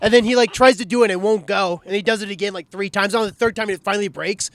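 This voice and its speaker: A man's voice: sits high, steady tone, fast, a bit bright. A man hosting a comedy podcast, chatting casually in a laid-back, joking way and laughing easily. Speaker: podcast host. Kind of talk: casual chat.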